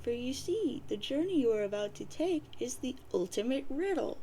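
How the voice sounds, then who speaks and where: A woman's voice: high voice, lively intonation, moderate pace, warm tone, a little hiss or hum, low-quality recording. Woman doing a sweet old ghost granny. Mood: cryptic. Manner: sweet, theatrical, calls listener dear. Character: doting elderly grandmother ghost sprite, cryptic.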